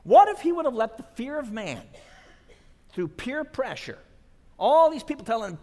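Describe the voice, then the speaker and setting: A man preaching a sermon at a conference, dramatic, dropping to a hush and then rising to shouts. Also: high voice, sing-song, normal speed, pauses often. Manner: dramatic, swings from hushed to shouting. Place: large conference hall. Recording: long reverb of a large hall.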